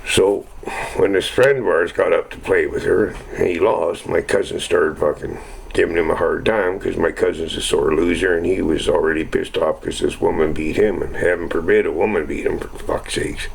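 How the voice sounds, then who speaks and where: A man's voice: deep voice, steady tone, normal speed, vocal fry, a little hiss or hum, poor audio. A middle-aged man telling rambling, profane stories in casual chat. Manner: rambling, swears constantly, chuckles at own stories.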